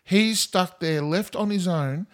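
A man's voice: sits high, slow, a bit bright. A man co-hosting a casual film chat, teasing and swearing freely, gushing about romance. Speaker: podcast co-host.

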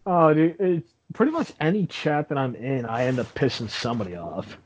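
A man's voice: mid-range voice, lively intonation, brisk, husky. A man co-hosting a podcast, rambling casually with plenty of filler and swearing. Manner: rambling, profane. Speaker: podcast co-host. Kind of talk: casual chat.

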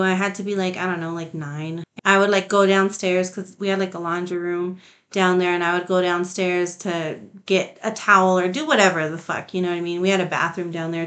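A woman's voice: fairly low pitch, fairly bright tone. A woman hosting a podcast in casual conversation, talking nonchalantly with a lot of swearing and filler "like"s and laughing between sentences. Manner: nonchalant, heavy swearing, frequent "like". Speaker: podcast host.

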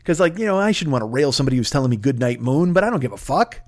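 A man's voice: on the high side, sing-song, racing. A man hosting a comedy podcast, ranting profanely and sarcastically. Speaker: podcast host.

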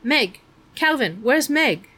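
A woman reading a storybook aloud, voicing a small, clever boy who shouts indignantly. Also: high voice, animated, slow pace, slightly rough, pitched above the performer's own voice, exaggerated voice. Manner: bossy, shouting.

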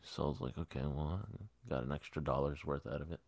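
Man, very low voice, dry close sound, casual podcast storytelling, swears a lot. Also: fairly quick, creaky, dry recording. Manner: profane, animated retelling with quoted voices. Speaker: podcast co-host. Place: podcast studio.

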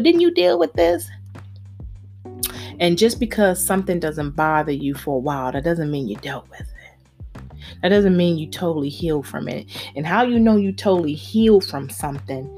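Low-voiced woman telling a personal story. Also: darkish tone. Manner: candid, acts out quoted voices with big pitch jumps. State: holding back tears. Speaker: speaker sharing a personal story.

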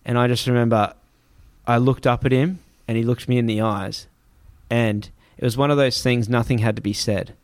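A man telling a travel story in casual chat, animated and swearing, acting out other people's voices. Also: medium pitch, moderate pace, no room sound.

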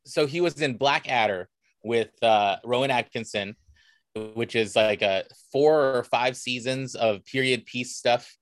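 With soft music playing behind him, a cosplayer guest from the United States tells anecdotes in casual, enthusiastic conversation. His pitch is medium and his pace unhurried.

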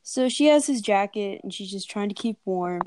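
A woman's voice: medium pitch, expressive, moderate pace, darkish tone, slight background noise. A young woman casually telling a scary story to friends on a call, drawing out the sound words for effect.

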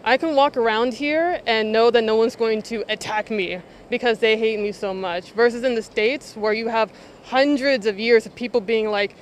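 A man's voice: high voice, moderate pace, a little hiss or hum. A man giving a frank, reflective opinion as an interviewee. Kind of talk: candid opinion.

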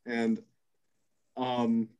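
A man's voice: medium pitch, monotone, warm tone, clear, resonant tone, muffled recording. A man narrating chaos as game master of a tabletop game, cursing and filling gaps with ums. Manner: rapid, crude narration full of fillers.

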